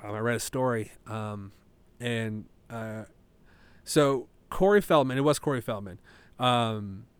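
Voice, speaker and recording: Male solo podcast host, 30s, mid-pitched, close and dry sound, chatty and meandering, casual swearing. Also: measured pace, smooth, dry recording. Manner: rambling, filler-heavy, swears casually.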